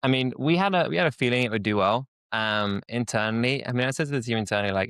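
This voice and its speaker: A man with a London English accent, a guest telling a story in a relaxed podcast chat. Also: on the low side, fast talker, vocal fry, few pauses, clear, resonant tone, dry recording. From England. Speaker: guest, co-founder. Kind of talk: casual podcast conversation.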